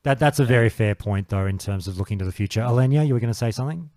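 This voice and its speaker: Man, podcast host, dark mellow voice, dry sound, swears a lot. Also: mid-range voice, very fast, no echo. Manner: swears freely, animated storyteller. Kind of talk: casual gaming panel chat.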